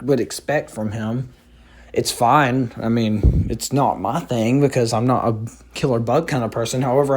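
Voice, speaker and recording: A man's voice: mid-range voice, a little mellow. A man hosting a casual vlog about Halloween props, rambling with lots of fillers and restarts, and hiccuping now and then. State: has the hiccups. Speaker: YouTube host reviewing Halloween props.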